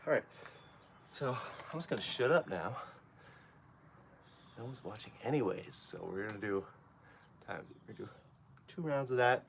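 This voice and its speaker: A man coaching a kettlebell workout live while exercising. He talks casually and often drops to a quiet, half-whispered level with no microphone. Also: medium pitch, expressive, moderate pace, creaky, long pauses, a little hiss or hum. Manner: casual, rambling coaching talk. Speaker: fitness coach. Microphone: no microphone, camera picks up from a distance.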